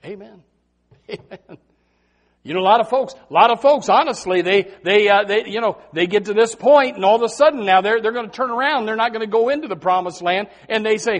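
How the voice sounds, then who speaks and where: A man preaching a sermon in a folksy, animated way, swinging between loud and soft and saying amen often. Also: fairly quick. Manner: folksy, animated preaching with big swings in pitch and loudness, frequent amens.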